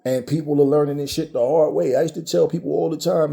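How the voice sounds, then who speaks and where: Blunt, profane man ranting with a mellow tone. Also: a little high, a little fast, vocal fry, few pauses. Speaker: vlogger. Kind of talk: ranting commentary monologue.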